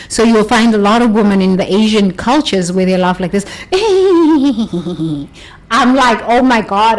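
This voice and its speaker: A woman giving an expressive motivational talk, stretching words for emphasis and laughing often. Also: medium pitch. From South Africa. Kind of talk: motivational monologue.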